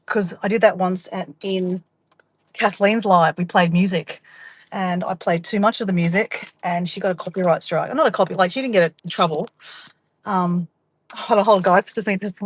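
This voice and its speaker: A woman's voice: mid-range voice, moderate pace. An Australian woman chatting to camera from inside her car, rambling and calling her viewers guys. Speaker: vlogger. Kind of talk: casual chat to camera.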